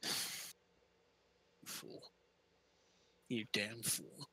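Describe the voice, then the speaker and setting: A man voicing a bitter, fatalistic captured foe in a tabletop game, speaking low and grim. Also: fairly even intonation, normal speed, sharp tone, breathy edge, heavily acted, poor audio. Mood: contemptuous.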